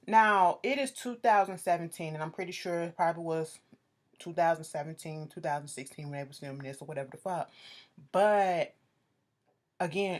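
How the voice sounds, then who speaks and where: Woman, casual profane recap, sassy, animated delivery. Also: on the low side. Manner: animated, sassy, swears freely, acts out quotes. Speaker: reality TV recap vlogger.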